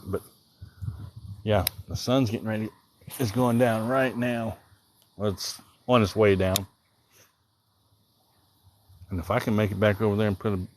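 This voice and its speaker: By the water outdoors, a livestreaming angler from Southern Illinois with a mild Southern American accent rambles easily as he fishes, thinking aloud and reading out viewer comments. His voice is lowish and darkish, with slight background noise.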